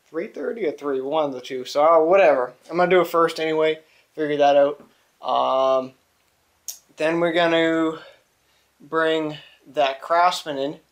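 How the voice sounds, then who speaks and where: A man with a New England accent chatting casually in his garage workshop, rambling and swearing, with lots of fillers. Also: a little high. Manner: rambling, profane, with many fillers. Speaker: small engine repair vlogger.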